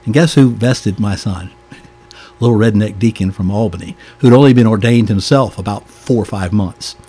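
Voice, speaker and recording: A man's voice: lowish voice, normal speed, dark tone, slightly rough. An older man with a Southern American accent, a deacon telling stories in a folksy, chuckling way during a podcast interview.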